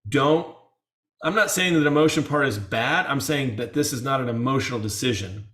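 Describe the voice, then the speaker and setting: A man's voice: mid-range voice, brisk, fairly bright tone. Earnest male practice coach, chatty and repetitive, recorded in a reverberant room. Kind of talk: casual webinar talk. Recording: roomy echo.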